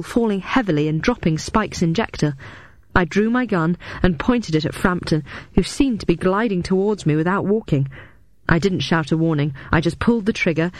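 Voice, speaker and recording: A woman reading a first-person story aloud as an audiobook, with steady, even storytelling. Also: lowish voice, dry recording. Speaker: audiobook narrator.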